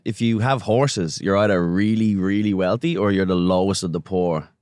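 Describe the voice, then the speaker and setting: Irish guy on a podcast, blunt, swears a lot, lowish voice, dry mic. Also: moderate pace, a little mellow, smooth, dry recording. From Ireland. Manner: blunt, swears freely, tells anecdotes. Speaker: podcast guest. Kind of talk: casual podcast chat. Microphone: studio podcast mic on an arm.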